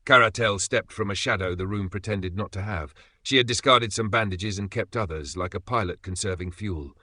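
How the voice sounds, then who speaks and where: A man reading an audiobook in an even, measured narration. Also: on the low side, dry recording.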